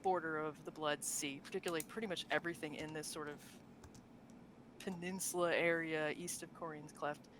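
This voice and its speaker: A woman with a low, fairly even voice talks fairly quickly over background noise. She's co-hosting a casual podcast about tabletop game lore, chatting loosely, laughing often, and filling her speech with fillers and restarts.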